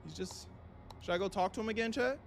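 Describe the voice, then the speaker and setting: A young man streaming a horror game live, reacting in a panicky, excitable way, swearing and repeating himself. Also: high-pitched, fast, slight background noise.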